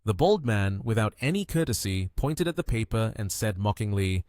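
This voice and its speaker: A man's voice: on the low side, big pitch swings, normal speed, few pauses, darkish tone, no room sound. A man narrating a story recap in a scripted, storytelling way.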